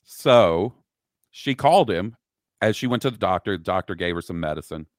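Chill podcast cohost guy, kinda low voice, dry close mic. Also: expressive, moderate pace, dry recording. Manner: laid-back, telling a story with asides. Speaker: podcast co-host. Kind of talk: casual storytelling.

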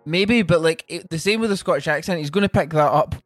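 A man with a notably high voice chats casually on a podcast, laid-back and giggly as he makes his reasonable point. The sound is close and dry, with no room around it. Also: a little fast, no room sound, faint music behind. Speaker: podcast co-host. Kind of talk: casual chat.

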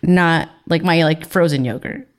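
A young woman co-hosting a podcast, chatting casually. She talks quickly and loosely, with plenty of filler words, in an easygoing conversational way. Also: low-pitched. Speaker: podcast co-host. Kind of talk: casual chat.

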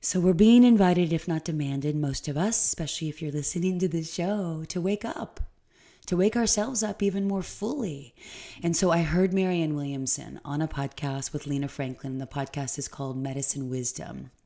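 A woman's voice: deep voice, normal speed, mellow. A woman hosting a solo spiritual podcast, talking in a rambling, stream-of-consciousness way with emphatic moments. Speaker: podcast host.

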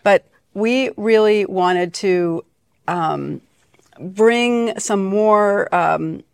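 Here the middle-aged Connecticut foundation leader talks very slowly at medium pitch, with vocal fry and a clean tone. As a guest in a conversational interview at a venue hall, she fills her story with fillers and restarts, and the studio recording has no room sound.

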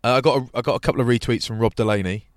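A man, co-hosting a podcast and telling casual, animated anecdotes. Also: medium pitch, rapid-fire, no echo, studio quality. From England. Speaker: podcast co-host. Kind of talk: casual chat.

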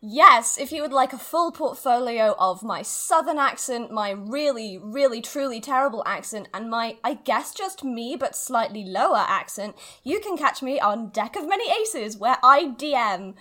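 A woman's voice: a little high, lively intonation, normal speed, hardly any pauses, sharp tone. A woman guest on a tabletop game podcast, bubbly and giggly in casual chat. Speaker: guest player.

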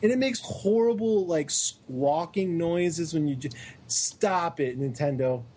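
A man co-hosting a casual sports podcast, joking and ranting with animated energy. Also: on the high side, slow pace, a little hiss or hum. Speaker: podcast co-host.

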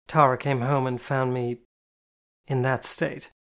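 A reader voicing a blunt, sweary young woman in an audiobook who swears freely and is quick to shout. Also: medium pitch, flat delivery, smooth, natural voice. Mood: contrite. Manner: brash and profane, quick to shout. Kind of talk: audiobook character voice.

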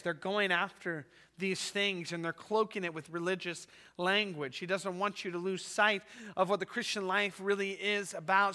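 High-voiced, bright male pastor preaching. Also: steady tone, a little slow, long reverb tail. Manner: emphatic, with repeated rhetorical "right?". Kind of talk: sermon.

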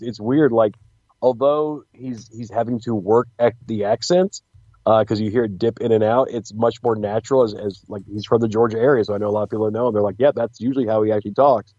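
A man's voice: mid-range voice, warm tone, dry recording, lo-fi sound. A man co-hosting a wrestling podcast, chatting casually with jokes, restarts and giggles. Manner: joking, rambling with restarts and giggles. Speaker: podcast co-host.

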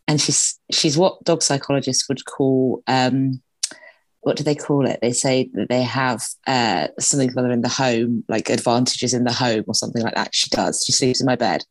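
A woman in her forties with a strikingly deep voice, opening up as a podcast guest. She tells personal stories candidly and emotionally, laughing through tears. The recording is dry and close. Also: fairly even intonation, moderate pace, no echo. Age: 40s.

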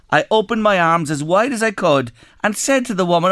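An Irish man hosting a radio show, chatting casually and reading out listener messages with lively storytelling. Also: high voice, fairly quick, hardly any pauses, no echo, studio quality.

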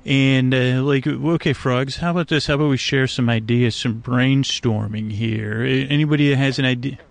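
Talking to frogs beside a swamp at night, a man hosting a sleep podcast improvises in a gravelly, mid-range voice at normal speed and a steady tone. His monologue wanders hesitantly, full of fillers and false starts.

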